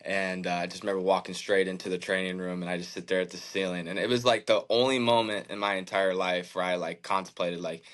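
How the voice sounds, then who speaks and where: A man in his thirties, a podcast guest, telling a candid personal story in an earnest, halting way, with many fillers and restarts. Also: sits low, little pitch movement, fairly bright tone. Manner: emotional, reflective faith talk. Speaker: podcast guest, baseball pitcher.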